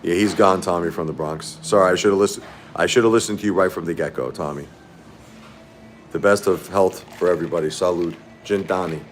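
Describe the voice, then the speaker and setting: Middle-aged male streamer, very low voice, repetitive, chatty, faint music behind. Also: a little fast. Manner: rambling, repeats himself, addresses viewers by name. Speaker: livestream host. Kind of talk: casual livestream talk to chat. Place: fast-food restaurant.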